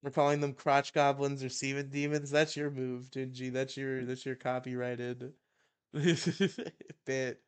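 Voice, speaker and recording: A man's voice: mid-range voice, flat delivery, a little slow, smooth. A young man hosting a casual podcast chat, joking, swearing and laughing often. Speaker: podcast host.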